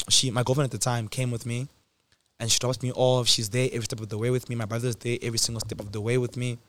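A young man in his twenties tells a personal story to camera in a loose, slang-filled way, breaking into laughter now and then. His voice sits at a middling pitch and sounds close and dry. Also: clear, resonant tone, dry recording. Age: 20s. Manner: animated, slangy, laughs between lines.

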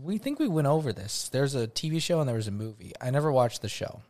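A man's voice: mid-range voice, very animated, fast talker, darkish tone. Joking male podcast co-host. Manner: jokey, teasing, keeps slipping into voices. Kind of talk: casual podcast banter.

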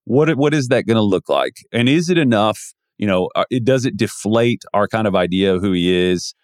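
A man's voice: fairly low pitch, expressive, normal speed, dry recording, clean studio sound. A man co-hosting a podcast, talking basketball in a loose, rambling way and laughing easily. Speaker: podcast co-host. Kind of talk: casual basketball chat.

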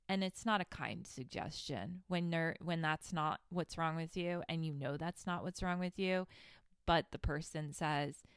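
A woman's voice: lowish voice, a bit bright, smooth, dry recording, studio quality. A woman hosting a podcast and telling a story in a casual, blunt, profane way, with laughing asides into a handheld microphone. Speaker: podcast host. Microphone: handheld microphone held close.

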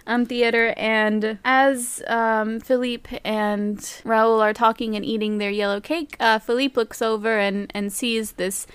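A woman narrating a tabletop role-playing game as game master, playful and quick to laugh. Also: fairly high pitch, fairly even intonation, clean tone, dry recording. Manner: giggly, playful, frequent laughter.

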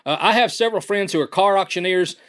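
A man from Tennessee, a champion auctioneer who breaks into a rapid, rhythmic chant and explains it in a friendly way. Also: high voice, fairly bright tone, smooth. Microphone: phone line.

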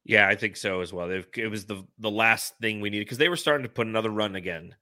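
A man hosting a podcast, talking fast with stammering restarts and casual swearing. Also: lowish voice, pushed and bright, dry recording, studio quality. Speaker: podcast host. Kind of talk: casual basketball chat.

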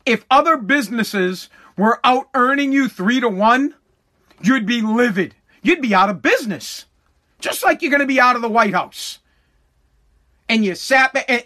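A man's voice: very high-pitched, sharp tone. A man delivering an angry, profane political rant, heated and repetitive, talking through a freshly pulled tooth. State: recovering from a tooth extraction.

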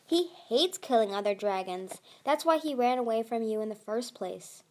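Woman doing a big gentle boy dragon, earnest, high-ish voice. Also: expressive, moderate pace, close to an everyday voice. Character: big gentle young male mud dragon.

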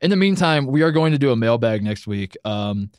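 A man's voice: medium pitch, animated, a little fast, a little mellow, clear, resonant tone, no echo. A young man hosting a casual podcast, rambling with lots of restarts and stammered repeats. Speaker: podcast host.

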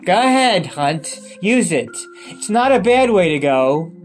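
A man voicing a smug, menacing male villain in a low, quiet tone. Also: sing-song, a little slow, faint music behind.

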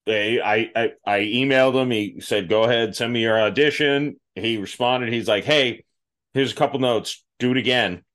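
A man's voice: medium pitch, moderate pace, fairly bright tone. A man hosting a podcast, telling acting stories in a casual, self-deprecating way and laughing at himself. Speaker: podcast host. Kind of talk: casual interview chat.

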